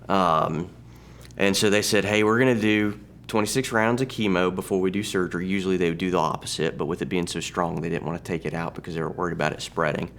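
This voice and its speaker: A man in his thirties with a very low, gravelly voice tells a personal story. He speaks conversationally, often circling back and restarting his sentences. A faint hum sits underneath the recording. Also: fairly bright tone. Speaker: church testimony speaker. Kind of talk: personal testimony.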